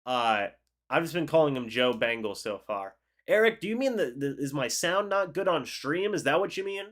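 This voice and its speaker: A young man hosting a live football reaction stream, calling the plays and chatting with viewers in an excitable, talkative way. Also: a little high, normal speed. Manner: excitable, chatty, reads chat aloud and calls plays. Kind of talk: live game reaction with play-by-play and chat replies.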